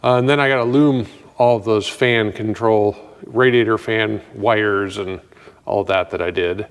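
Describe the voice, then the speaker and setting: Man, casual workshop walkthrough, dry self-mocking humor, low voice, reverberant garage. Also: steady tone, a little slow, smooth. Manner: rambling, thinks aloud with fillers. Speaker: mechanic working on a customer's truck.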